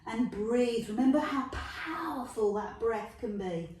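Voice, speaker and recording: A woman's voice: a little high, expressive, unhurried, a little mellow, a little hiss or hum. A woman with a British accent leading a Pilates workout, upbeat and playful, chatting and joking between cues. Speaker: Pilates instructor. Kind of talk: live-style workout instruction. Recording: very echoey, distant room sound.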